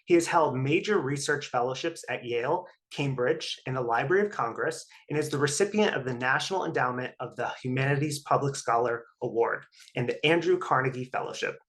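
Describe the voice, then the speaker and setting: A man's voice: mid-range voice, a little fast, hardly any pauses. A man hosting an online webinar, reading announcements and introducing the guest speaker. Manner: steady, reads prepared notes. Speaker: webinar host. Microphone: video call.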